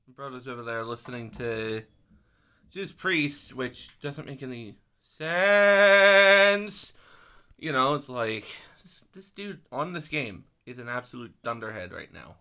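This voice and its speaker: A young man talks through his pool game in a loose, irritable ramble, cursing at opponents and drifting into side stories. His pitch jumps around a lot, and his tone is bright and forward. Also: lively intonation, a little slow, clear, resonant tone. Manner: grumpy, swearing, rambling asides. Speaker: gaming YouTuber. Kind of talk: casual gameplay commentary.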